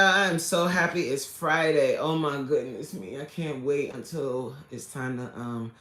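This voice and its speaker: A woman of middle pitch hosts a casual livestream, talking in a slow, unhurried way. She chats loosely with her viewers, greets them by name and jokes as she goes. The sound rings around an echoey room. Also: a bit bright. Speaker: livestream host and coach.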